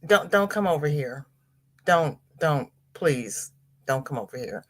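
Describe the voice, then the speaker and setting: A woman hosting a casual livestream, greeting chat viewers by name in sing-song hellos and jumping to high exclamations. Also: unhurried. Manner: chatty and animated, with sudden high exclamations. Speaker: livestream host.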